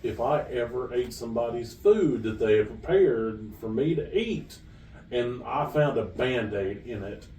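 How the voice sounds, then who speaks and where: A man's voice: medium pitch, dark tone. A man co-hosting a podcast, chatting casually with dry, wry reactions. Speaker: podcast co-host. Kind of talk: casual chat. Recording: roomy echo, mic far off, faint room noise.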